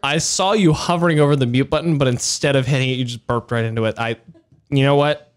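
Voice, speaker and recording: Podcast dude telling stories, gets excited, laughs a bunch, cusses. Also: male voice, medium pitch, fast talker. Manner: animated storyteller, laughs often, swears. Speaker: podcast co-host. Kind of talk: casual chat.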